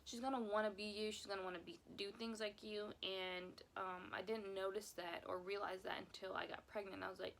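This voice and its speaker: A woman's voice: medium pitch, flat delivery, fairly quick, creaky, few pauses, fairly bright tone, slight background noise. A young woman telling a personal story time on her vlog, emotional and rambling, often repeating herself. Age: young adult. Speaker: vlogger.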